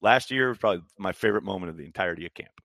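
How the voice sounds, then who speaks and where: A man's voice: deep voice, racing, gravelly, a bit bright, dry recording, clean studio sound. A man hosting a live fan chat stream, hyped and chatty as he reads comments and answers questions. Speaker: podcast host reading chat.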